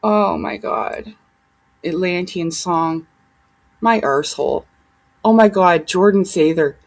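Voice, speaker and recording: A woman's voice: fairly low pitch, slow, poor audio. A woman vlogger talking straight to her viewers in a heated, rambling, profane monologue. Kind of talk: casual ranting monologue.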